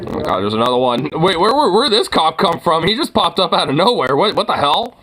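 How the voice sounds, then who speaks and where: A young man with a slightly high voice talks through a clip he is watching. He swears freely, sounds incredulous and often breaks into laughter. His asides are loose and offhand. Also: sing-song, fast, sharp tone. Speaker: reaction streamer. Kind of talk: casual video reaction commentary.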